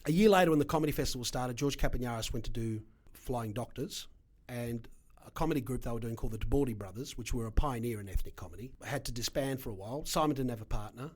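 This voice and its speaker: A middle-aged Australian man with an Australian accent, a guest telling his story in an animated, emphatic way with punchy asides. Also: mid-range voice, fast talker. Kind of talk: casual storytelling interview.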